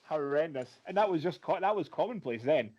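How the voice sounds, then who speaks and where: A man's voice: fairly high pitch, expressive, fairly quick, a little mellow. A man hosting a podcast, chatting in a rambling way with casual swearing and fillers. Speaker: podcast host. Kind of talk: casual chat. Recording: slightly dull lo-fi sound.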